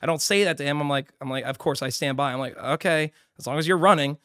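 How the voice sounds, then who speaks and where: A young man streaming live, telling a long story in a rambling, excitable way, swearing and acting out other people's lines. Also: a little high, quick pace, dry recording, clean studio sound.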